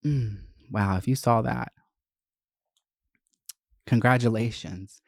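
A man's voice: mid-range voice, takes it slowly, vocal fry, dry recording, clean studio sound. A man hosting a podcast, telling candid, profane stories from his school days in a chatty way. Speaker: podcast host. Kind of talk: casual storytelling.

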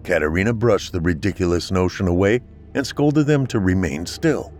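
A man steadily narrating a scripted horror story in a measured storytelling voice. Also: deep voice, lively intonation, darkish tone, slight background noise.

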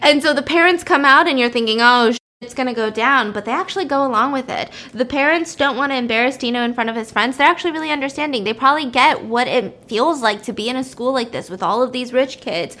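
Young woman chatting and baking, high voice, playful and animated. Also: quick pace, hardly any pauses. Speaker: host. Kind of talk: casual chat while baking.

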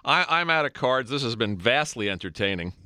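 Upbeat male podcast co-host, bright voice. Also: mid-range voice, expressive, a little fast, no echo. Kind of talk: interview chat.

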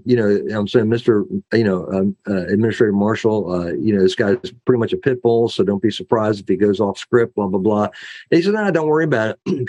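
A man's voice: lowish voice, darkish tone, dry recording, dull audio. A middle-aged man, a former sheriff, telling stories as an interview guest, rambling with many fillers and restarts and acting out what others said. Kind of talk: storytelling in an interview.

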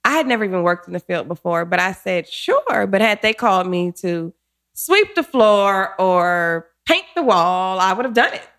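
A woman in her forties, a guest telling her career story in an interview, animated and quick to act out what people said. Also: medium pitch. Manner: animated, acts out quotes, laughs often.

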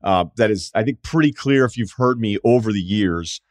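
With a lowish voice at normal speed, a middle-aged sports podcast host rants sarcastically and opinionatedly, tossing in mocking asides and impressions of others. The recording is clean studio sound with no echo.

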